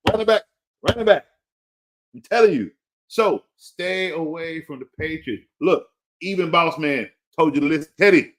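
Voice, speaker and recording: Man, fantasy football host, emphatic, repetitive, lively swooping pitch, slightly high voice. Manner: emphatic and repetitive, pleading with a listener; playful, laughs at himself. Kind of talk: casual opinionated rant.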